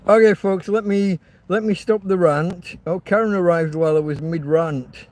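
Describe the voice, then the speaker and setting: A man's voice: high-pitched, moderate pace, few pauses. A man hosting a rambling livestream chat, ranting and swearing freely. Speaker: livestream host.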